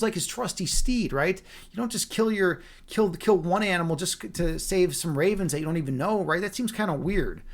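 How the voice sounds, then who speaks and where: Male streamer, high voice, rambly casual chat and read-aloud with viewers. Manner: rambling, repeats words, answers chat. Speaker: livestreamer.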